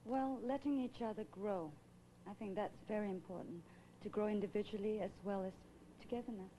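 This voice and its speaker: A woman's voice: mid-range voice, fairly quick, dark tone, slight background noise, low-quality recording. A woman from Singapore competing in a pageant, chatting cheerfully with the host on stage. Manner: cheerful, laughs easily. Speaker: pageant contestant.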